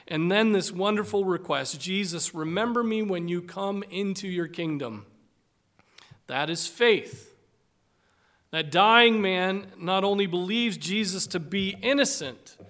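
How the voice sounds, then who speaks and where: A male preacher with a fairly high, slightly bright voice delivers a sermon. He reads scripture slowly and deliberately, building to dramatic, emphatic swells.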